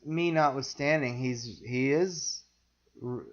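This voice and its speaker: A man's voice: mid-range voice, slow. A man with a mid-range voice gives blunt, wry opinions and teases his co-host in a casual chat. The audio is dull and lo-fi, with a muffled home-podcast quality. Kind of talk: casual film discussion.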